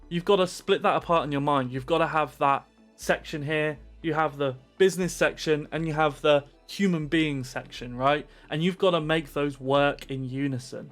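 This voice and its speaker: A man giving streaming advice straight to camera with pumped-up, animated energy. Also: fairly high pitch.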